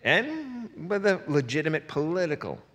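Male pastor, sermon, bright forceful tone, chatty and jokey, long hall echo. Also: on the high side, very animated, normal speed. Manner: conversational, joking asides and playful rhymes.

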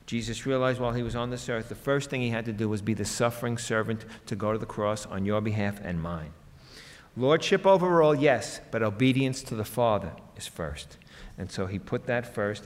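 Conversational preacher man in a reverberant hall. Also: normal speed. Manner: conversational, acts out quoted voices with jumps in pitch. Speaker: pastor. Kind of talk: sermon.

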